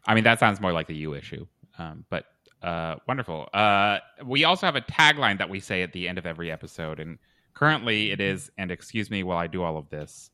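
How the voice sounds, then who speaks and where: Brief: young male comedy podcast host, deadpan, low and bright. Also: fairly quick, clear, resonant tone, no room sound. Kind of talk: casual comedic interview.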